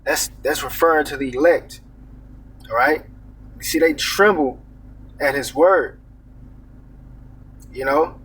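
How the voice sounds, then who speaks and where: A man preaching in an unhurried, casual way, reading verses and then explaining them. His voice is a bit husky and sits fairly high for a man. He sounds set back from the microphone. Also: a bit bright, distant mic. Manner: reads verses aloud then comments, adds "man" and "all right?". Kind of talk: informal scripture teaching.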